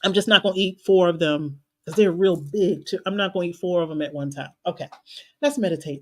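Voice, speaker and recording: A woman's voice: on the low side, a little fast, a little mellow. A woman life coach hosting a motivational live stream, talking candidly and casually to her viewers and laughing at herself now and then. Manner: casual, colloquial talk to viewers.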